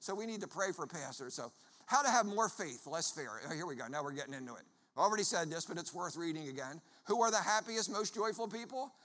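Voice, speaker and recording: Man, high bright voice, traveling preacher, joking storyteller sermon, long church-hall reverb. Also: fast talker. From Philadelphia area. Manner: lively storyteller, jokes with the crowd. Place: church before a congregation.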